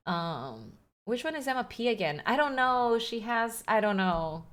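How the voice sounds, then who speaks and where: Brief: joking woman streamer, very lively pitch, casual play-through commentary. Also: unhurried. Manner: animated, joking, laughs often. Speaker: game streamer.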